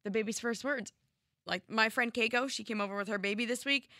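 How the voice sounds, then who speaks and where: A woman's voice: fairly high pitch, bright, forceful tone, no echo, clean studio sound. A woman co-hosting a podcast in casual, playful, teasing chat. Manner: playful, teasing, quick to joke. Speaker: podcast co-host.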